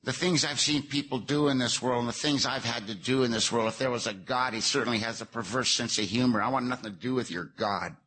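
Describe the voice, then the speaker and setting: A man shares his recovery story as a personal testimony, earnest and plainspoken with folksy turns of phrase. His mid-range voice stays steady and fairly bright, moving quickly with few pauses.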